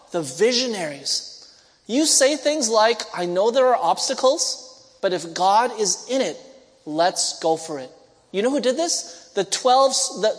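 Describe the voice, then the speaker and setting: A man preaching a sermon, telling stories and acting out the voices of the people in them. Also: high-pitched. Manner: storytelling, acts out quoted voices. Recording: long hall reverb.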